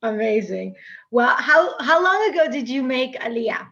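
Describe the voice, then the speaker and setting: This American podcast host has a high-pitched, creaky voice that is pushed and bright, with big pitch swings and an unhurried pace. Chatty and gushing in a casual interview, she uses many fillers and restarts; the recording is dull and lo-fi.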